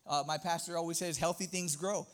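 A man preaching a sermon in a church, impassioned and swinging between loud and quiet. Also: fairly high pitch, steady tone, a little fast. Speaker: guest preacher.

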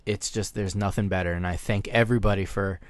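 A man's voice: sits low, steady tone, quick pace, no room sound. A man co-hosting a podcast interview, talking loosely and repetitively with a fan's enthusiasm. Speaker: podcast co-host.

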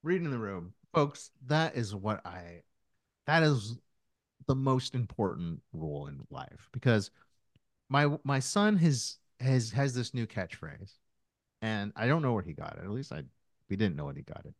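A man with a fairly low voice, recorded dry and close. He chats casually as a podcast co-host, rambling through stories with lots of fillers and false starts. He sounds to be in his thirties. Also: very animated, a little slow, dry recording. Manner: rambling storyteller, many fillers and restarts. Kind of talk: casual chat.

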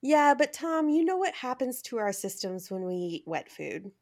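A woman's voice: mid-range voice, sing-song, normal speed, creaky, dark tone. A woman hosting a podcast in a playful, joking manner, laughing often. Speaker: podcast host. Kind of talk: casual comedic chat.

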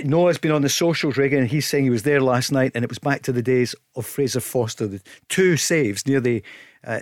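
A man's voice: mid-range voice, no echo. A Scottish man hosting a sports radio phone-in from a studio, joking and laughing with his guests. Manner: jokey, laughs often, quick to banter. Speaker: radio show host.

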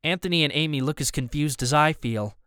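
Smooth, dry first-person audiobook narrator. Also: male voice, a little high, brisk, sharp tone, dry recording.

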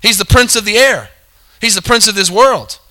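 A man's voice: high voice, moderate pace, pushed and bright. A man preaching a sermon, calling for amens, repeating his points and correcting himself mid-sentence. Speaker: pastor.

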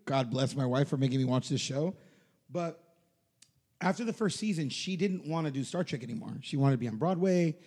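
A man hosting a podcast, telling profane stories in casual chat, animated and laughing as he goes. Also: mid-range voice. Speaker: podcast host. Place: studio. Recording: long hall reverb.

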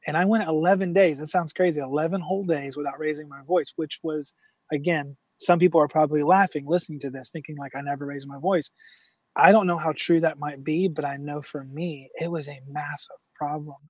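A middle-aged man telling a personal story as a guest in an interview, earnest and halting, with many restarts. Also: a little high, steady tone, no room sound.

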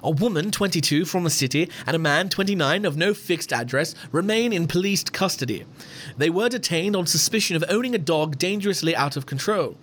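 A man putting on a British accent to play a formal male newsreader, reading slowly and evenly. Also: fairly high pitch, lively intonation, fairly bright tone. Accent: British, put on.

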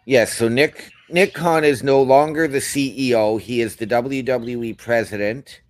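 A man's voice: mid-range voice, fairly even intonation, a little slow, dry recording. A man co-hosting a casual podcast, reading out news items and commenting on them. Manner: reads out announcement details, then comments. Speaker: podcast co-host.

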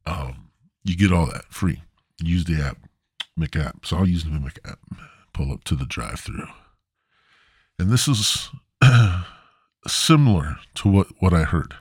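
Low-voiced guy rambling through a swear-heavy podcast story, laid back, dry close mic. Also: husky, no room sound. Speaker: podcast host. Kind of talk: casual storytelling monologue.

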